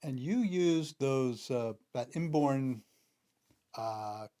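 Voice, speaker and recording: Slow-spoken male interview host. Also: mid-range voice, expressive, dark tone. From New York area. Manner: unhurried, hesitant, with many fillers. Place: studio.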